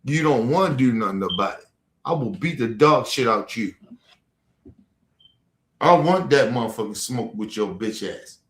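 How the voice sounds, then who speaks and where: A man's voice: mid-range voice, animated, moderate pace, long pauses, fairly bright tone. Aggressive man in an echoey room. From Baltimore. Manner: aggressive, profane, challenging. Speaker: streamer. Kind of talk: livestream rant.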